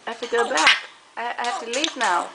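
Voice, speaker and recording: A woman's voice: on the high side, a little fast, vocal fry. A woman at home talking baby talk to her pet parrot, cooing and playfully scolding it. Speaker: parrot owner. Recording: noisy home video.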